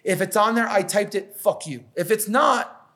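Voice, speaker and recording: A man's voice: high voice, moderate pace. A man in his thirties, a catering business owner, telling stories in a casual podcast chat, swearing often and acting out quotes. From New York. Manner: profane, animated storytelling, acts out quotes.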